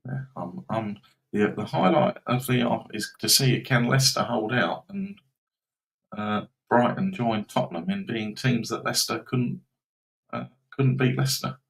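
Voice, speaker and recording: A man's voice: medium pitch, measured pace, gravelly, fairly bright tone, poor audio. A man hosting a live betting stream, rambling casually and reacting to football scores and viewers.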